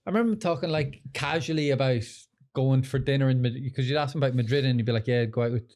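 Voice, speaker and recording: A man's voice: mid-range voice, quick pace, a little mellow. A man co-hosting a podcast, chatting in a laid-back, reflective way. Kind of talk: casual chat.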